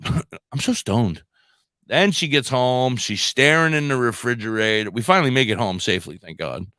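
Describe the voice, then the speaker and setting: A middle-aged man hosting a radio show, telling a rambling, animated story in casual chat. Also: medium pitch, brisk, clean tone, dry recording. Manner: rambling, animated anecdotes with laughs.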